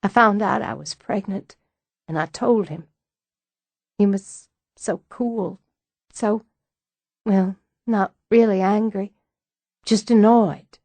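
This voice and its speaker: A woman voicing a fragile, ashamed young woman in an audiobook, with a halting, emotional delivery. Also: mid-range voice, darkish tone, dry recording. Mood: distraught. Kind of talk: audiobook dialogue.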